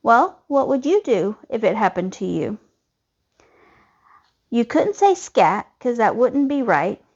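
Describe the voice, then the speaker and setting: Woman reading a kids' story aloud, expressive, slow, fairly high, dull lo-fi sound. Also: husky. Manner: lively, expressive. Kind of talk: children's storybook read-aloud. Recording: dull lo-fi recording.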